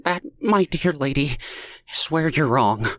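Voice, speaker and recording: Man voicing a panicked middle-aged man, strained voice, trembling, higher than usual. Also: expressive, a little slow, fairly bright tone. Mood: remorseful.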